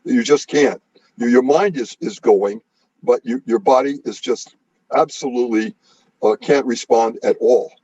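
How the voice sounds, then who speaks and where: A man interviewing a guest in a conversational, halting way with many fillers. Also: medium pitch, darkish tone, husky, no room sound, highs cut off. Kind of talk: casual interview talk.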